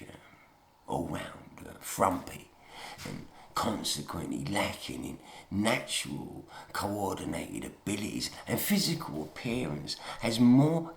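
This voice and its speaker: A man rambles through a to-camera monologue, sinking into low mutters before pushing up into loud, emphatic bursts. His pitch leaps around a lot. The room has a noticeable, roomy echo. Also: vocal fry. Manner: meandering, swears, drops to mutters then rises to emphatic outbursts. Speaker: YouTube monologuist. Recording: roomy, echoey room sound.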